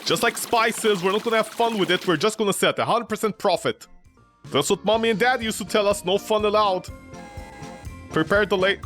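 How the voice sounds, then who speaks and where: Guy streamer riffing on a gross horror game, pretty high voice, rambly jokes, faint music under him. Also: a little fast, a bit bright. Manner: joking, rambling, mock outrage with sudden yelps. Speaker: gaming streamer. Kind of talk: comedic let's play commentary.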